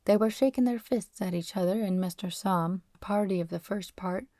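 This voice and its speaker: A woman narrating a novel as an audiobook, reading in a steady, expressive way. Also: mid-range voice, moderate pace, no room sound, studio quality.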